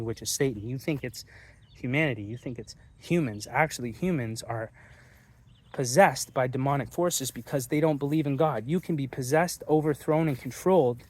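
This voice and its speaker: A man's voice: mid-range voice, darkish tone. A young man delivering a profane, preachy and boastful rant outdoors, swearing constantly as he talks to his phone camera. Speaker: vlogger. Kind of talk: profane street-talk rant. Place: outdoors in a public street.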